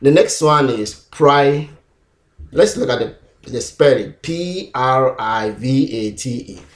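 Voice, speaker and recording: A man's voice: mid-range voice, animated, takes it slowly, roomy sound. A man teaching an English pronunciation lesson, sounding out and repeating each sound several times on his own camera. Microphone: self-recorded camera.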